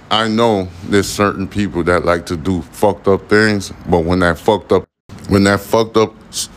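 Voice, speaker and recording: A man's voice: sits low, slight background noise. A young man hosting a podcast, rambling casually in a profane, slang-heavy monologue. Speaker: podcast host.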